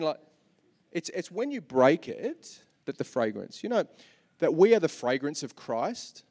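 A man with an Australian accent preaching a sermon as pastor, animated, swinging from soft asides to loud repeated lines. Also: on the high side, moderate pace, husky. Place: large church hall. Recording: long reverb of a church hall.

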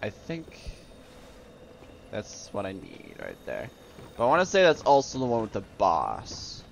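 A man's voice: on the low side, huge pitch swings, a little slow, creaky, slight background noise. A man hosting a let's play, rambling and sarcastic in his gameplay commentary. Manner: sarcastic, rambling, easily annoyed.

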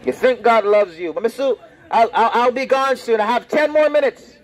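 A man preaching loudly and confrontationally on the street, repeating his lines. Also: extremely high pitch, normal speed, rough recording. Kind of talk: open-air street preaching. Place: outdoors on a street.

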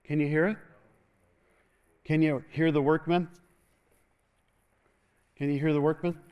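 A male pastor preaching with energy and a fairly high voice, drawing the congregation into call-and-response. He laughs often, and his voice jumps up when he pushes a point. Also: little pitch movement, a little slow, smooth, highs cut off. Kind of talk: sermon.

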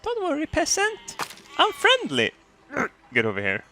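A squeaky, teasing giant spider, as a man puts it on, playful and mock-menacing as it talks to its game prey. The voice is pitched high and sharp, swooping up and down in pitch. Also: huge pitch swings, unhurried, a little hiss or hum, full character voice.

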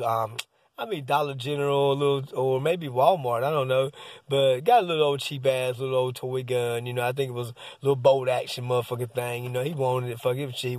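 With a medium-pitched voice and no echo, a man wanders through an anecdote about his son, cursing freely and repeating "man" constantly.

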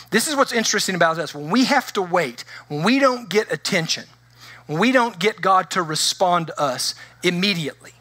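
A middle-aged pastor preaches a sermon in a high-pitched voice, recorded without echo. He tells stories animatedly, acting out the voices of the people in them.

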